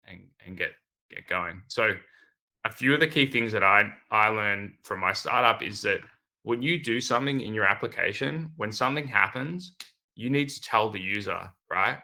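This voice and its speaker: Gravelly, bright-voiced man giving a casual talk. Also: on the low side, poor audio. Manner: relaxed, filler-heavy, upbeat slang. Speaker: conference speaker, product manager. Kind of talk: casual conference presentation.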